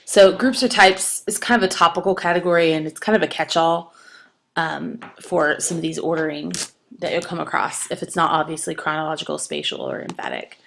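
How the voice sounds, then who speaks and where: A woman with a low, gravelly voice teaches a writing lesson for video. She explains step by step, with the odd filler and restart. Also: animated, brisk, a bit bright, slight background noise. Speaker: writing instructor. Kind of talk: recorded video lecture.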